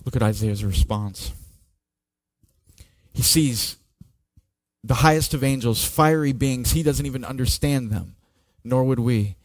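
A man preaching a sermon, slow and dramatic, sliding between hushed, near-whispered passages and raised, ringing peaks. His voice sits at an ordinary middle pitch. The recording is dry and close, with almost no room sound. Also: no room sound. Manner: slow, dramatic preaching that swings from soft to loud. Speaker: pastor.

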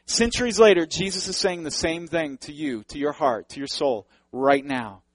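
Male pastor, higher-pitched voice, earnest and fervent, addresses congregation directly; dry, close recording. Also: moderate pace, no echo, rough recording. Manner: earnest, building to fervent emphasis. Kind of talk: sermon.

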